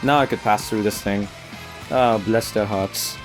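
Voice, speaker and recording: A man's voice: fairly low pitch, fairly even intonation, unhurried, faint music behind. A man with an American accent giving casual gameplay commentary, laughing often and tripping over his own restarts. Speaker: let's play gamer.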